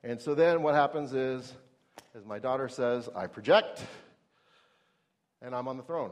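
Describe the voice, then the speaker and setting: A man's voice: mid-range voice, lively intonation, moderate pace, pauses often. A middle-aged man preaching a sermon in a conversational way, asking the audience questions and acting out everyday scenes.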